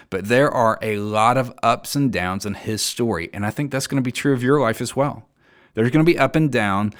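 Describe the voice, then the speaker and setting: A man with a somewhat low voice delivers a sermon in an earnest, emphatic way. He reads scripture aloud and lets his voice sink low and quiet to land his main points.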